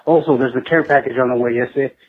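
A man's voice: medium pitch, steady tone, racing, a little hiss or hum. A man leaving a casual voicemail, telling a story in a laid-back, slangy way and peppering it with "eh" and "Holmes". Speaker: voicemail caller. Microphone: phone. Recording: tinny phone-line voicemail.

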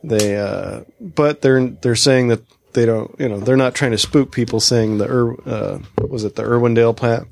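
A man's voice: medium pitch, normal speed, vocal fry, darkish tone, a little hiss or hum. A man presenting a casual news segment on a podcast, hesitant with many fillers. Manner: hesitant, fills with uh and um.

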